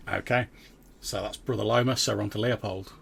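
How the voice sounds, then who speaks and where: A man's voice: fairly low pitch, gravelly, fairly bright tone, slight background noise. A young man narrating a tabletop game as game master, casual and vivid, with lots of fillers.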